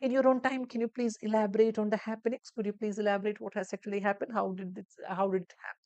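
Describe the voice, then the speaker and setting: A woman voicing a gentle, reassuring nurse in an emergency ward, speaking in a slow sing-song way. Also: mid-range voice, flat delivery, no echo, muffled recording, pitched above the performer's own voice, lightly acted. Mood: polite. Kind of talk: role-play demonstration.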